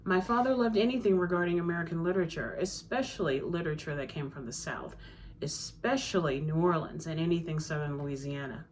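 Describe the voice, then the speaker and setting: A woman's voice: low-pitched, a little fast, slight background noise. A woman author reading her own novel aloud in a conversational first-person narration. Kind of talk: audiobook-style reading.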